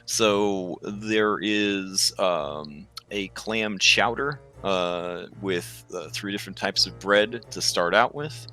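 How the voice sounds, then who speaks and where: A man's voice: low voice, slow, few pauses, sharp tone, faint music behind. A man narrating as game master for a tabletop game, rambling with many fillers.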